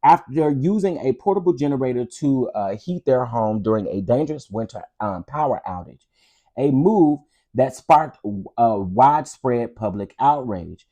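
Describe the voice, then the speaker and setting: A man's voice: medium pitch, animated, normal speed. A man hosting an online commentary show, ranting emphatically and sassily. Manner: loud, emphatic, sassy.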